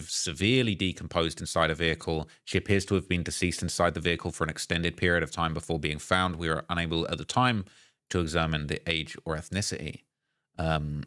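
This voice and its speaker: Deep-voiced man reading messages aloud. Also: fairly bright tone, no room sound, clean studio sound. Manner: reads messages aloud, hesitant with fillers and restarts. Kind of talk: commentary video narration.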